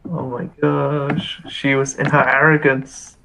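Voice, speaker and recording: A man casually playing a tabletop game, relaxed and joking. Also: mid-range voice, slow pace, vocal fry, noisy background. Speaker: player.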